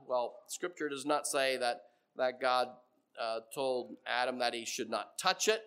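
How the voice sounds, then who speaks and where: A middle-aged man preaching a sermon in a church, telling stories and getting animated when he quotes other people. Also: mid-range voice, a little slow, smooth.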